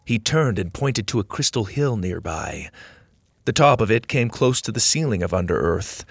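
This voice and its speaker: A man reading a children's adventure story aloud in slow, measured narration. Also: lowish voice, lively intonation, gravelly, no echo. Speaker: audiobook narrator.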